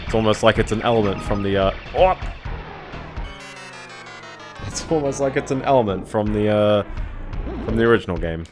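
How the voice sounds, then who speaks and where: A man's voice: lowish voice, fast talker. A man casually commenting while streaming a video game, rambling and hedging with little chuckles to himself. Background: game music.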